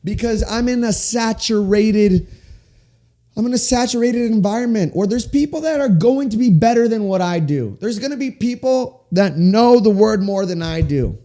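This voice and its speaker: A man in his twenties hosting a faith-based solo podcast, talking with big swings up and down in pitch, in a small room with sound panels. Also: lively intonation, moderate pace, dark tone. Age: 20s. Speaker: podcast host.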